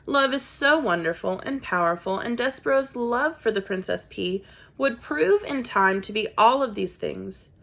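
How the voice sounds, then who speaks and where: A woman reading a children's book aloud in a deliberate storytelling manner. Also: a little high, expressive, gravelly, fairly bright tone. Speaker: reader.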